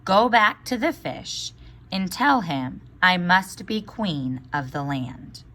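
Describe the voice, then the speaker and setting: A woman's voice: on the low side, sing-song, takes it slowly, pushed and bright, full character voice. A woman teacher voicing a greedy, demanding fisherman's wife in a storybook read-aloud, curt and commanding.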